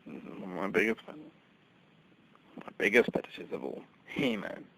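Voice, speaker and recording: A man rambling through an improvised comic monologue, stammering, sinking to breathy whispers and then bursting out loud. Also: low-pitched, expressive, a little slow, slight background noise, low-quality recording. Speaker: comic character host.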